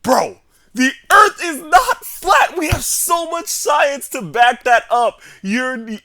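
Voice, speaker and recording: A young man mimicking a loud, exasperated woman teacher. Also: animated, slow, full character voice. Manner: loud, high, scolding. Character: exasperated female high school teacher.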